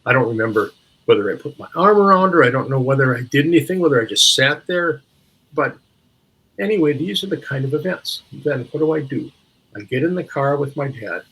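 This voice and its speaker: The voice is mid-range, animated and brisk, fairly bright and husky, on a low-quality recording. It belongs to an older man from Minneapolis, USA, who reflectively recounts stories as an interview-show guest, restarting often while searching for words.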